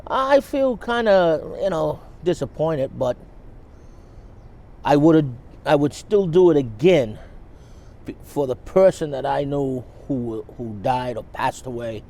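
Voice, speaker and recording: A man in a documentary interview, recounting events in a halting, reflective way. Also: a little high, lively intonation, dark tone.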